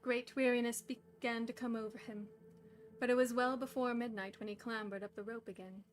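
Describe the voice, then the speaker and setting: A woman's voice: a little high, steady tone, fairly quick. A young woman hosting a stream, reading a storybook aloud and chatting casually, giggly and self-deprecating, feeling overheated. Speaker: stream host and reader.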